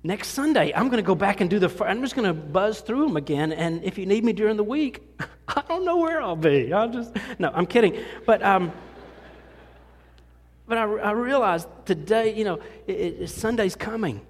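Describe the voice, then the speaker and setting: Folksy pastor in a reverberant hall. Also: male voice, high voice, expressive, moderate pace. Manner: folksy and self-deprecating, rambling with many restarts. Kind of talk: conversational sermon. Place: church sanctuary.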